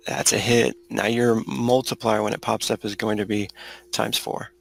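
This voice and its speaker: A man running a tabletop game, relaxed, explaining rules and outcomes to his players. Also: fairly low pitch, normal speed, creaky. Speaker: game master.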